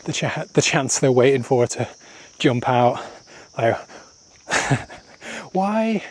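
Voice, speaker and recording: A man's voice: mid-range voice, expressive, slow. A man talking to his camera while walking outdoors, self-deprecating and rambling, laughing often and a little out of breath. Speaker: travel vlogger. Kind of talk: casual walking vlog monologue. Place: outdoors on village paths.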